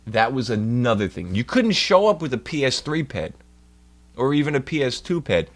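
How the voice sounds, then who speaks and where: A man chatting on his livestream, ranting profanely and swinging between mumbled asides and loud outbursts. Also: medium pitch, big pitch swings, normal speed. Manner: profane ranting, swears constantly. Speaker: streamer. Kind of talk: casual stream chat.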